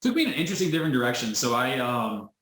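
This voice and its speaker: Man guest, quick animated storyteller, roomy echoey video-call sound. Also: mid-range voice. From United States. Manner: animated storyteller who acts out quoted voices, frequent restarts. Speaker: interview guest, business owner. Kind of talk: casual storytelling interview. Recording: roomy echo.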